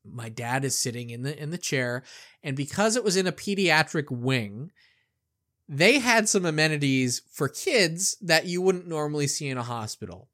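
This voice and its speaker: A middle-aged man co-hosting a podcast, telling a childhood story in a casual, animated way and acting out the quotes. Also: a little high, moderate pace. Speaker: podcast co-host.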